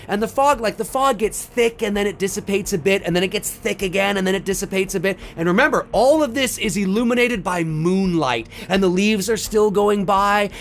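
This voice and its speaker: Brief: casual rambling man pitching a story, high voice, faint background noise. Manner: rambling, many restarts and "right?" tags. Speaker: fan pitching a film sequel idea. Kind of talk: casual verbal walk-through.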